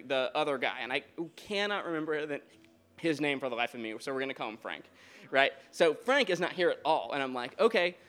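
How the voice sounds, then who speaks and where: A man tells a rambling, animated story live on stage, backing up and restarting as he goes. His voice sits a little high and sounds smooth and resonant. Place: live show at a beer garden venue.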